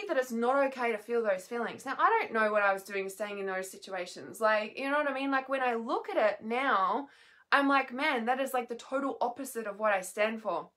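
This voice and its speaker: Woman, slightly high voice, tired and worn, raw swearing monologue, restless and halting. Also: a bit bright. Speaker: healer and mentor vlogger. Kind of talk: emotional unscripted monologue. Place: at home, in bed.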